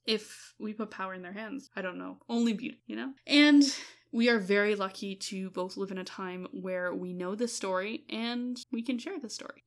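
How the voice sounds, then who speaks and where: A woman co-hosting a casual podcast, swinging between soft reflective musing and loud, laughing excitement. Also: medium pitch. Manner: uses y'all, laughs often. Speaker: podcast co-host.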